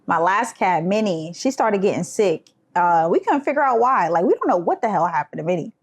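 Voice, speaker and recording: A woman's voice: mid-range voice, fairly quick, husky. A young woman co-hosting a casual podcast, telling stories animatedly and acting out voices. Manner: animated storyteller who does voices. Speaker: podcast co-host. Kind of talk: casual chat.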